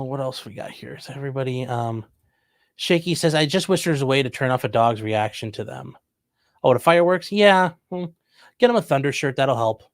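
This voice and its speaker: This is a livestream host from Ohio speaking in a mid-range voice, reading viewers' comments aloud and answering with deadpan jokes in a casual chat. There's no room sound.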